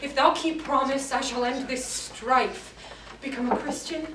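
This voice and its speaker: A woman playing a sad but hopeful young daughter in an amateur stage play, speaking verse in a soft, measured way. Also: sits high. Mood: wistful. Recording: roomy hall, far camera, noise.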